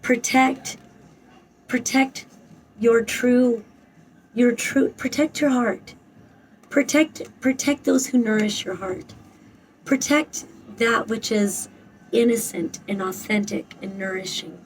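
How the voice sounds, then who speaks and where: A woman's voice: fairly high pitch, fairly even intonation, slow, long pauses, far from the mic, a little hiss or hum, low-quality recording. A woman giving a spoken tarot reading, emphatic and blunt, swearing freely and repeating her phrases. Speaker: tarot reader.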